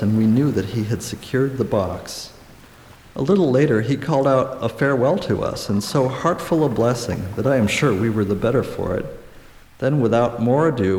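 A man reads a story in a measured, even storytelling voice of ordinary pitch. The room is echoey, with reverb that lingers long after each line, and a faint hiss sits under it all. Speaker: audiobook narrator. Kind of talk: scripted story narration.

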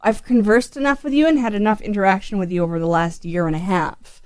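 A Canadian woman in a podcast conversation, lively and laughing as she tells stories, with a dry sound. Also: medium pitch, fast talker, dry recording. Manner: animated storyteller, frequent restarts and laughter. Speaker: podcast guest. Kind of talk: casual conversation. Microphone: Skype call.

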